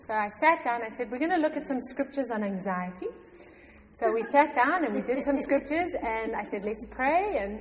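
A middle-aged woman telling a personal faith story to a congregation, animated and often laughing. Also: a little high. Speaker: church member giving testimony. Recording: long hall reverb.

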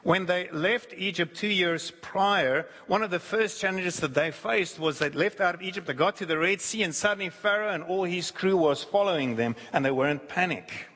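A man preaching a sermon who acts out quoted voices, shifting his pitch and pace. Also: normal speed, hardly any pauses, bright, forceful tone, slightly rough. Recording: long hall reverb.

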